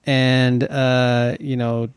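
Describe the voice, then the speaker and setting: A man's voice: mid-range voice, flat delivery, very slow, smooth, no room sound, studio quality. A man co-hosting a casual review chat about a TV series, talking in a skeptical, hesitant way with many restarts. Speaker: podcast co-host reviewing a TV series.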